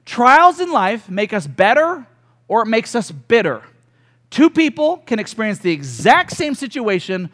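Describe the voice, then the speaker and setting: High-voiced man preaching a sermon. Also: fairly bright tone. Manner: earnest preaching with storytelling, acting out dialogue. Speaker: pastor.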